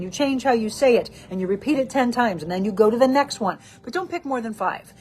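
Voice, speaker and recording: A woman's voice: on the high side, breathy edge. A woman hosting a live self-help show, reading out viewer comments by name and encouraging her audience in an upbeat way.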